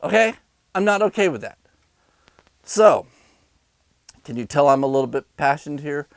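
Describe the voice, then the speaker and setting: A man's voice: on the high side, lively intonation, normal speed, no echo, rough recording. A man delivering an angry, sarcastic rant to his viewers, insulting them between bitter laughs. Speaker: vlogger. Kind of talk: angry ranting monologue.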